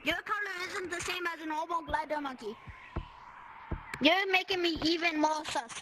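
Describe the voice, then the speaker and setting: High-voiced excitable woman gamer, noisy capture. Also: moderate pace. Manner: excitable, dramatic, with sudden shouts. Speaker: gamer making a VR game movie. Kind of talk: playful in-game role-play. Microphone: VR headset mic.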